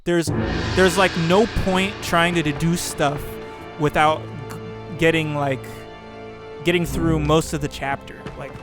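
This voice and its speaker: A man records casual let's play commentary, reasoning out loud in loose, rambling sentences full of fillers. His voice sits a little high, with music playing clearly behind it. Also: fairly even intonation, measured pace. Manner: thinking aloud, rambling with fillers and restarts. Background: background music.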